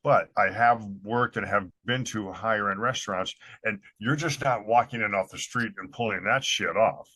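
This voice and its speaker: Blunt low-voiced man with a bright edge. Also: normal speed, hardly any pauses, no room sound. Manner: blunt, profane, opinionated. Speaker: podcast host. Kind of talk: casual chat.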